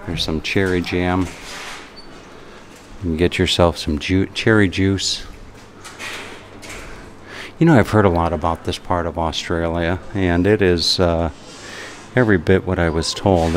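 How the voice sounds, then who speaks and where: A man's voice: low voice, steady tone, unhurried, pauses often, slight background noise. A man filming a casual travel vlog in a roadside café, chatty and enthusiastic, rambling with restarts. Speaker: travel vlogger.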